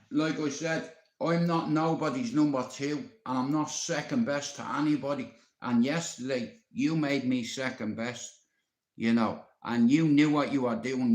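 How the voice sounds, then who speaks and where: A man's voice: medium pitch, darkish tone. An upset Irish man on a live stream, rambling and swearing often as he talks to a friend. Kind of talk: emotional live-stream rant. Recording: echoey roomy sound.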